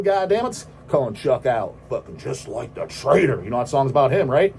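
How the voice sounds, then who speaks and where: A man hosting a metal vlog, ranting in a rambling, heavily profane monologue that now and then bursts into shouts. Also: medium pitch, big pitch swings, normal speed, vocal fry, few pauses, slight background noise. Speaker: host of a metal vlog channel.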